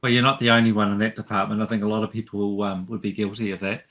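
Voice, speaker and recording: A man's voice: lowish voice, little pitch movement, quick pace, fairly bright tone. New Zealand man hosting an interview. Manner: friendly, laughs along, asks probing questions. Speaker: podcast host. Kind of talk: interview conversation.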